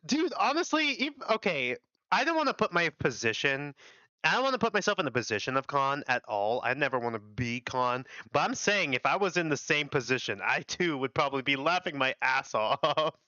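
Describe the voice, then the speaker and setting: A young man reacting casually to a story game he is reading aloud, animated and swearing freely. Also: a little high, brisk, dry recording, muffled recording. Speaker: streamer reading a fan visual novel. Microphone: desk mic.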